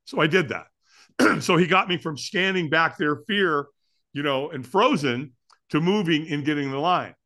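A man who is a podcast guest, telling a story in an excitable way, acting it out with sound effects and laughs. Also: on the high side, moderate pace. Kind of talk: animated storytelling.

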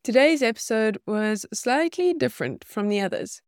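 A woman's voice: a little high, animated, normal speed, clean tone, no echo, clean studio sound. A woman co-hosting a podcast, chatting casually with playful, giggly banter. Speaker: podcast co-host.

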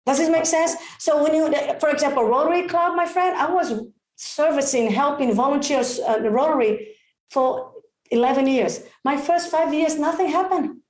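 Excitable high-voiced woman, roomy echo. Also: normal speed. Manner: expressive, excitable, many exclamations. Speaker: real estate agent. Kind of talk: enthusiastic interview advice.

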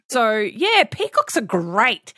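An Australian woman co-hosting a podcast, chatting casually and telling animated stories, often laughing and acting out other people's voices. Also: fairly high pitch, slow, no room sound, clean studio sound. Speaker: podcast co-host. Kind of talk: casual chat.

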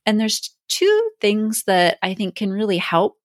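A woman hosting a podcast in casual chat, telling stories in a lively, animated way. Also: mid-range voice, a little slow, dry recording, studio quality. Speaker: podcast host.

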